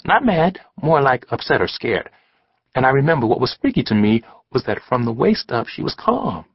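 A husky male narrator with a lively, swinging pitch, telling the story in a streetwise, conversational way. He is close to the mic in a dry booth, and the sound is slightly dull. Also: no room sound. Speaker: audiobook narrator. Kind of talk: scripted narration. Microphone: close studio mic. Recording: slightly dull studio audiobook recording.

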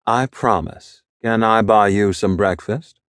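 A man voicing a calm, gentle middle-aged priest who speaks softly and levelly, in an audiobook. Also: lowish voice, measured pace, no echo, clean studio sound. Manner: soft, level and serene.

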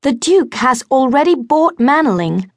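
A woman's voice: high-pitched, very animated, unhurried, no room sound, pitched above the performer's own voice, heavily acted. A woman voicing a blunt young woman, the youngest daughter, speaking curtly.

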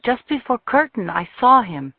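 Brief: woman narrator playing a tired, apologetic young violinist, higher voice, phone-thin sound. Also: sing-song, normal speed, dry recording, narrow, tinny audio. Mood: pleading. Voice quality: weak, apologetic.

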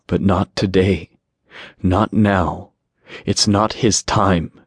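A man voicing a sentimental, gentle male angel with a soft, earnest way of talking, in an audiobook. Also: low-pitched, steady tone, measured pace, husky, dry recording, clean studio sound. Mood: insistent.

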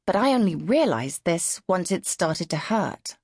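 Wry, expressive woman narrating. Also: lowish voice, measured pace, breathy edge, no echo, studio quality. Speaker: audiobook narrator. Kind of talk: first-person audiobook narration. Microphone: close studio mic.

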